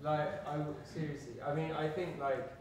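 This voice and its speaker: A man in casual gallery talk, speaking in hesitant, halting bursts. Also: a little high, steady tone. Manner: hesitant, halting, cuts in briefly. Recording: very echoey room, mic far off, crowd chatter behind.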